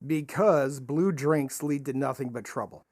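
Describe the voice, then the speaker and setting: A podcast co-host in casual chat, playful and quick to laugh while bringing up odd foods. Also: medium pitch, a little mellow, no room sound, clean studio sound.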